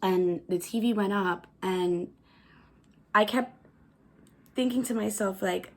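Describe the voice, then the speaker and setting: A woman telling her own story to camera in a halting, repetitive way, full of fillers and often hushed. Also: mid-range voice. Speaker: vlogger.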